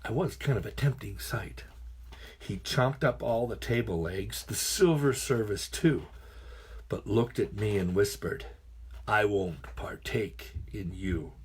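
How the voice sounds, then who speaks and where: A man's voice: lowish voice, lively intonation, unhurried, darkish tone, breathy edge. A middle-aged man, a teacher, reading picture books aloud to his class with playful, chatty asides.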